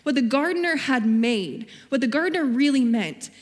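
A woman's voice: high-pitched, expressive, moderate pace, in a large hall. A young woman giving a sermon as a guest speaker, telling her own story earnestly and quoting scripture. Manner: earnest, personal storytelling with Bible quotes.

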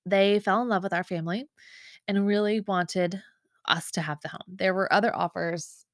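A female podcast host in her thirties tells a story in a chatty, emotional way, full of fillers and asides, in a casual storytelling chat. Her medium-pitched voice holds a steady tone at a moderate pace, and the studio-quality recording has no room sound.

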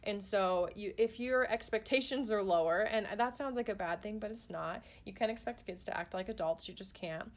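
A chatty woman talking in an earnest, relaxed way, with plenty of "um"s and false starts. Her pitch sits in the middle for a woman. She sounds like a parent sharing tips in a casual conversation. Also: normal speed, few pauses. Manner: chatty, earnest, many fillers and restarts. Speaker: parent guest on a podcast. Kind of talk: casual chat.

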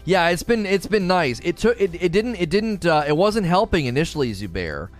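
A man's voice: high voice, big pitch swings, normal speed, soft background music. A man chatting casually on a livestream, reading chat messages aloud and telling rambling stories. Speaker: streamer.

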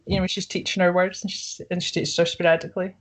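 A woman co-hosting a podcast, chatting away in a relaxed, friendly back-and-forth. She laughs easily and often, and her talk runs on with lots of small asides. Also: lowish voice, low-quality recording. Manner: giggly, chatty, quick to laugh. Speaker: podcast co-host. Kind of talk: casual chat.

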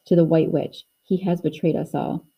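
A woman's voice: deep voice, little pitch movement, moderate pace, breathy edge, dull audio. Woman voicing a grave talking beaver. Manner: solemn, warning. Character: earnest grave male beaver, old-fashioned.

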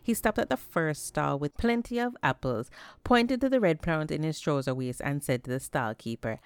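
A woman with a Jamaican accent tells folktales in a lively storytelling voice, low-pitched and smooth. She is recorded close with a dry sound and no room echo. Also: moderate pace. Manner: lively, animated narration.

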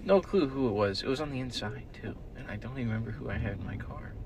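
A young man co-hosting a casual podcast, rambling through stories, swearing often and shouting the lines he quotes. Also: mid-range voice, quick pace, a little hiss or hum. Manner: rambling storyteller, swears a lot, loud bursts when quoting. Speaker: podcast co-host. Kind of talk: casual chat. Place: in a car with friends.

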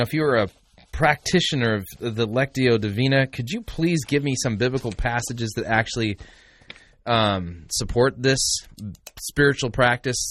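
A man's voice: medium pitch, fairly bright tone. A man hosting a commentary show, talking to listeners in a sarcastic, mocking way with lots of asides. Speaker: podcast host. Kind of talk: critical commentary.

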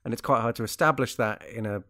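A man's voice: mid-range voice, quick pace, fairly bright tone. A man chatting casually about a TV show, rambling with many restarts and fillers. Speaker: podcast co-host.

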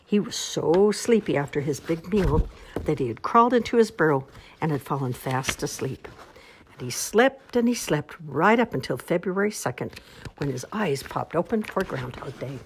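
Woman reader for a children's storybook, low voice, very animated pitch, slow expressive telling. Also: slight background noise. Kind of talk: children's storybook read-aloud.

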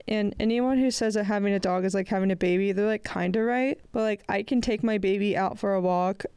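Raspy young woman with a head cold. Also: medium pitch, a little fast, a little mellow, no echo, studio quality. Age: 20s. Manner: rambling, chatty, frequent "like" fillers, laughs often. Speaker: podcast host. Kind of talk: casual solo podcast chat.

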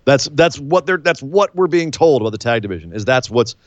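A man co-hosting a casual wrestling recap chat, animated and acting out scenes in silly voices. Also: mid-range voice, fairly quick, no echo, muffled recording. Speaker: podcast co-host.

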